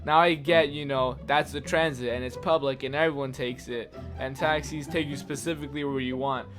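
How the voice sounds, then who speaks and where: A man's voice: mid-range voice, fairly even intonation, a little fast, a bit bright, faint music behind. A man telling a personal story in a casual, exasperated rant full of swearing. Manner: exasperated, profane ranting.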